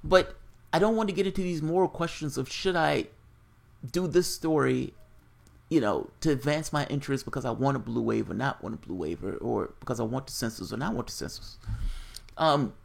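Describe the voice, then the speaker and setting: A man's voice: mid-range voice, a little fast, vocal fry. A man hosting casual political commentary on a livestream, reading viewer chat aloud and answering in a blunt, profane, rambling way.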